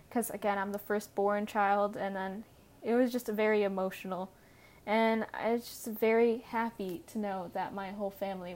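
A young woman in her teens, telling her own story in a casual, rambling way, with many fillers and restarts. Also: medium pitch. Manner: rambling, self-correcting, frequent fillers. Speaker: podcast host.

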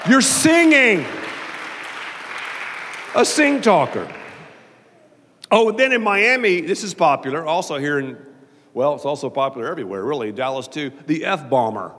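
Lively Southern pastor in a big hall. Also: male voice, on the high side, moderate pace, a crowd in the background, noisy background. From American South. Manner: animated, jokey, does mock voices. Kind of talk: sermon. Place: large church auditorium. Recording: long reverb of a large hall.

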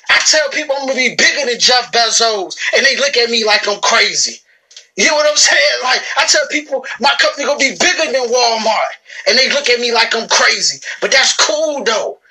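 Woman business owner, motivational vlog. Slightly high, bright, pushing voice. Emphatic and repetitive, preachy delivery. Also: slight background noise, low-quality recording. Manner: emphatic, repetitive, preachy, calls listeners bro and sis. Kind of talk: motivational talk to camera. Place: in a shop.

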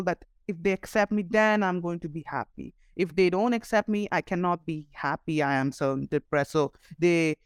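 A podcast host asking questions and musing in a reflective, halting way with restarts. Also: medium pitch, clean tone, dry recording, studio quality. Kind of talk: conversational interview.

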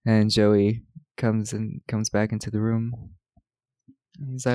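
A man's voice: fairly low pitch, monotone, takes it slowly, mellow, no echo. A man co-hosting a podcast, casually retelling film scenes with quoted lines and frequent laughs. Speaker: podcast co-host recapping a film. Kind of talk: casual chat.

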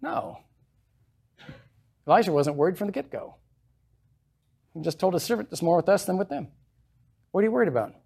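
A man's voice: high voice, animated, fast, creaky, long pauses, warm tone, breathy edge. A man preaching a sermon as pastor in a church, reading scripture aloud with emphatic rises and then explaining it in a plain, conversational way.

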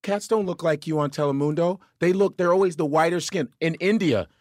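Profane, animated New comedian. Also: male voice, a little high, brisk, no echo, clean studio sound. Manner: animated, profane, does mocking voices. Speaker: comedian guest. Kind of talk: casual podcast chat.

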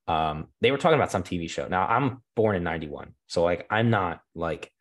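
A man's voice: sits low, animated, fairly quick. A man in his thirties telling a story in a loose, chatty way, full of fillers and laughs. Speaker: guest. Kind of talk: casual storytelling.

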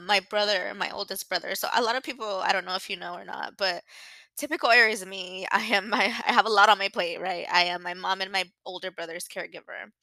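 A woman's voice: medium pitch, vocal fry, sharp tone, dry recording, low-quality recording. A young woman hosting her own podcast, talking candidly and emotionally, rambling with restarts and close to tears. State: near tears. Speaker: podcast host. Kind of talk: personal podcast monologue.

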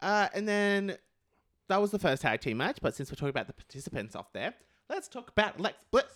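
A woman co-hosting a casual podcast, talking animatedly with frequent swearing and quick asides. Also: medium pitch, sing-song, no echo, studio quality. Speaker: podcast co-host. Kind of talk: casual wrestling chat.

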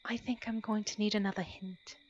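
A man voicing a lovestruck young female train engine in a breathy, swooning falsetto. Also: lively intonation, moderate pace, a bit bright, dull audio, slight background noise. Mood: whispered.

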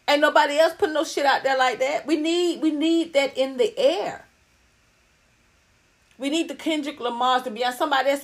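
Middle-aged woman hosting her podcast, cussing, preachy, kinda high voice. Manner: blunt, profane, animated and preachy. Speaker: podcast host. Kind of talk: casual livestream talk to viewers.

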